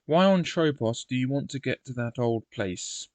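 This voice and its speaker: A man's voice: medium pitch, lively intonation, moderate pace, dry recording, close to an everyday voice. A man reading aloud and voicing a suspicious stranger in the street in a gamebook. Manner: wary, offhand.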